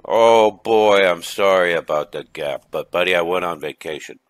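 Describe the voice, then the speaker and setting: A man's voice: low voice, moderate pace, no echo, lightly acted. A man playing a brash, chatty middle-aged guy named Vinny, who leaves a rambling, stammering comedic voice message for a friend. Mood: boisterous. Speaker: caller leaving a message for a friend.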